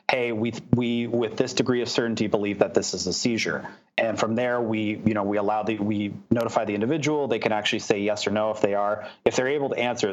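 Founder guest, male, low-pitched, halting speech full of fillers, slightly muffled audio. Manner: hesitant, many fillers and restarts. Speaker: startup founder. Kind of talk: interview answers.

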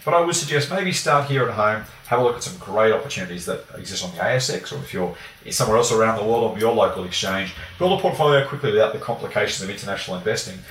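A man from Australia with an Australian accent, a guest analyst giving a brisk conversational explanation with frequent fillers. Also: on the low side, lively intonation, fairly bright tone, echoey room, recorded from a distance, slight background noise, poor audio.

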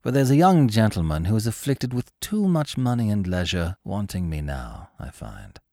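A man voicing a gloomy male spirit who urges suicide, speaking low, hushed and sulky. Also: big pitch swings, no room sound, clean studio sound. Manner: sulky, sinister, drawn-out.

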